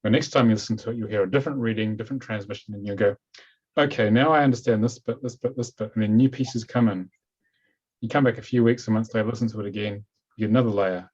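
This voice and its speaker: Man, New Zealand accent, low voice, husky, relaxed webinar host, lo-fi call audio. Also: fast. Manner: relaxed, chatty, says "okay" a lot. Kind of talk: casual webinar talk. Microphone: computer mic on a video call. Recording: dull lo-fi video call audio.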